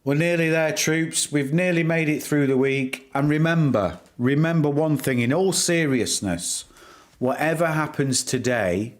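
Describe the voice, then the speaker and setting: A man's voice: on the high side, unhurried. A middle-aged man hosting a live stream, chatting casually and teasing his viewers by name. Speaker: livestream host.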